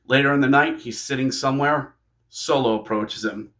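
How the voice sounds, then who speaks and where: A man narrating a fantasy wrestling storyline in a playful, excitable way. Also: mid-range voice, normal speed. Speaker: wrestling fan video creator.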